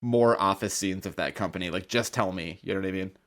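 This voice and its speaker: A man's voice: sits low, quick pace. A man co-hosting a podcast, adding opinionated, wry commentary on a show. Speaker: podcast co-host. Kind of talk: casual recap chat.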